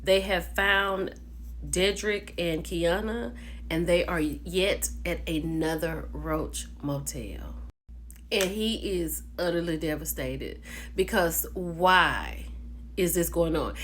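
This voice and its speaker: A woman vlogger recapping a reality show in a casual gossip style, animated, calling viewers "baby" and "child". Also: lowish voice, slow, a little hiss or hum. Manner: animated storyteller, calls viewers "baby" and "child", laughs often.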